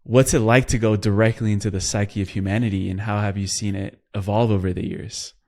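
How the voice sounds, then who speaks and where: A man hosting a podcast, asking calm, measured interview questions. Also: on the low side. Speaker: podcast host.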